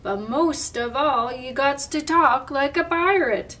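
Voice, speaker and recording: A woman voicing a gruff, impatient male pirate captain, growling his lines loudly. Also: high-pitched, slow. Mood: boastful. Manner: loud, growling pirate talk. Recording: distant mic, faint room noise.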